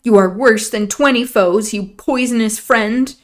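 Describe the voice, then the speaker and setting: A woman's voice: fairly high pitch, unhurried, voice pushed up, natural voice. A woman reading aloud, voicing a tearful, infatuated young girl who pleads in a raised, wounded voice.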